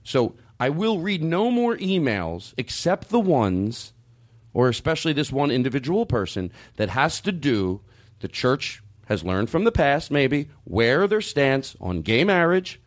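A man hosting a podcast, talking in a halting, rambling way with many restarts and fillers, with a hint of sarcasm. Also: mid-range voice. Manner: openly sarcastic at times. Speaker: podcast host. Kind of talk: casual discussion.

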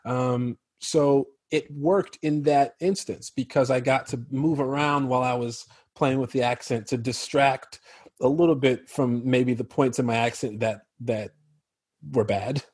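An American actor chatting in a relaxed interview, his husky voice close and dry. He tells stories easily and laughs often along the way. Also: mid-range voice, a little slow, dry recording. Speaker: actor guest. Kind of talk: casual interview chat.

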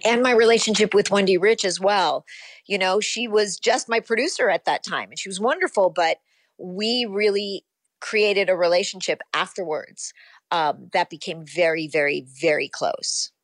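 A woman in her fifties, an actress being interviewed, recalling her past in a relaxed, rambling way full of ums and you-knows. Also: medium pitch, normal speed, no room sound. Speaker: actress guest. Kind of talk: casual interview.

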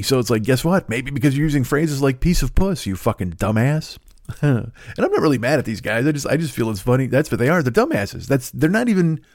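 A man's voice: mid-range voice, a little mellow, no room sound, studio quality. A middle-aged man hosting a comedy podcast, ranting in a profane, exasperated way. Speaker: comedian host.

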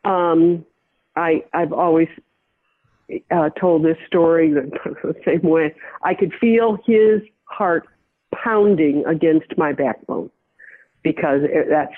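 An older woman from the American Midwest, a veteran journalist, speaks as an interview guest. She recounts events in a measured, reflective way, with frequent restarts. Her voice comes through a thin, tinny phone line. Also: sits low. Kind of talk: personal storytelling in an interview.

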